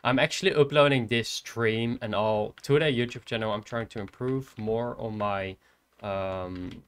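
Smooth-voiced Dutch man streaming a game. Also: on the low side, a little slow, a bit bright. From Netherlands. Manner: casual, hesitant with fillers. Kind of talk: casual game stream talk.

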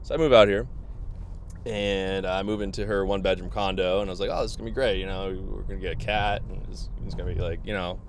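Guy, thirties, lowish voice, easy storyteller who laughs a lot, slight noise behind. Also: fast talker. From Massachusetts. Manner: laughs often, quotes people in animated asides. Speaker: podcast guest. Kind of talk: casual storytelling.

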